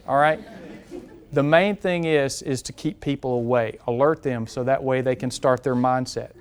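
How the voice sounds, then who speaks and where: A man's voice: medium pitch, normal speed. A man with a Southern US accent, a campus police safety trainer speaking directly and conversationally to a classroom at a live seminar, repeating key points and asking the audience questions. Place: classroom lecture room.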